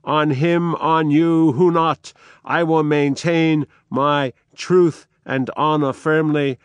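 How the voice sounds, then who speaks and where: A man's voice: on the high side, fairly even intonation, slow, clean tone, no room sound, voice pushed up. A man reading as Edmund, a proud defiant villain. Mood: defiant fury. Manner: loud, challenging, declamatory. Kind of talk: dramatic reading of a play.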